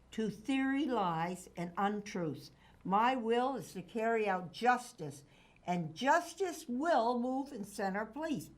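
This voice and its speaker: A woman preaching on a live stream, fervent and emphatic, relaying what she presents as divine words. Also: fairly high pitch.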